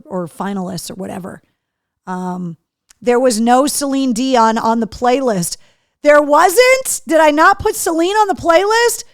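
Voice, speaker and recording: Recorded dry and clean in a studio, this woman hosts a live show and has a bad case of the hiccups. She's a radio and podcast host with a slightly high voice, chatting in a lively, casual way as she reads out viewer comments.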